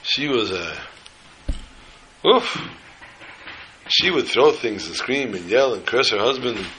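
A man giving a sermon as a rabbi, an animated storyteller who acts out scenes before he turns to teaching. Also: mid-range voice, normal speed, a little hiss or hum, rough recording. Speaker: rabbi teaching the weekly Torah portion.

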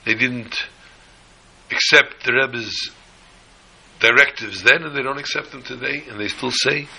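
A man's voice: medium pitch, a little slow, pauses often, pushed and bright, husky, low-quality recording. A man preaching a sermon, telling a parable in an emphatic way and mixing in Hebrew and Yiddish terms. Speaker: rabbi.

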